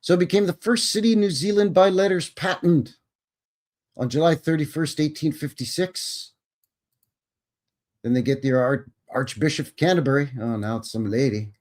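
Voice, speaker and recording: Hosting a livestream, a Canadian man with a fairly high, darkish voice reads history aloud at a moderate pace. He adds dry, homespun remarks along the way, peppered with "bud" and "eh."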